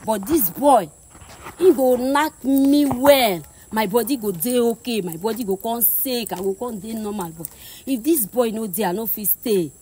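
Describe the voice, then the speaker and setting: A woman's voice: medium pitch, normal speed, few pauses, dark tone, slight background noise. A middle-aged woman with a Nigerian accent, pleading and blunt in a comic street-interview skit.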